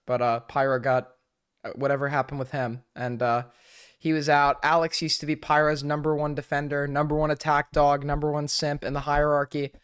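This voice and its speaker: A man's voice: on the high side, monotone, a little fast, a bit bright, clear, resonant tone. Argumentative man reacting on stream. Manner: argumentative, many "like" fillers. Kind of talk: live reaction commentary.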